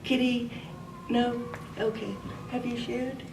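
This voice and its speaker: An older woman telling a personal memory to a gathering, gentle and reflective, laughing at times. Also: a little high, level tone, slow pace, vocal fry, noisy background. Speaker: speaker sharing a memory. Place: meeting room. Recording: roomy hall audio from a distant mic.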